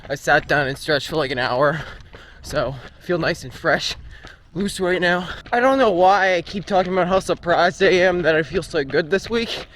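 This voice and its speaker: A man's voice: sits high, normal speed, a bit bright. A young man chatting casually into a handheld camera while out jogging on the road, with wind and passing traffic around him. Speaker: vlogger training for a marathon. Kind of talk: casual running vlog. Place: outdoors on roads while running. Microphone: handheld camera while running. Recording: faint outdoor noise with wind.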